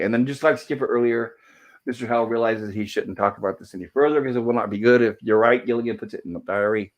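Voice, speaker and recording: A man with a mid-range pitch, neither high nor low, talks through an old sitcom episode slide by slide. He speaks loosely and informally, stopping often to correct himself or apologize for skipped jokes. He reads the characters' lines in his ordinary voice rather than acting them out. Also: fast, dull audio. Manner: loose and apologetic, with frequent fillers and self-corrections. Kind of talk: casual episode recap over slides.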